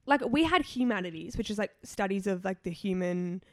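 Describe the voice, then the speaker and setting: A woman's voice: mid-range voice, lively intonation, fairly quick, darkish tone, no room sound, clean studio sound. A young Australian woman co-hosting a podcast, chatting playfully and filling her talk with "like". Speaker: podcast co-host. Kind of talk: casual chat.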